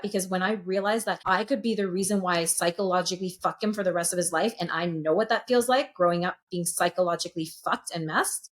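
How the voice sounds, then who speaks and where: A woman in her late thirties, a sound healer speaking as a podcast guest, telling her story openly and earnestly and swearing freely. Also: fairly low pitch. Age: late 30s. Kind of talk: candid podcast conversation.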